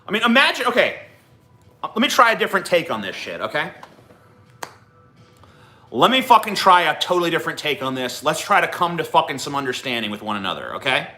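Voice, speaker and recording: A man's voice: on the high side, very animated, fairly quick, pauses often, sharp tone, faint music behind. A man hosting a livestream, ranting profanely and combatively at his chat. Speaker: livestream host.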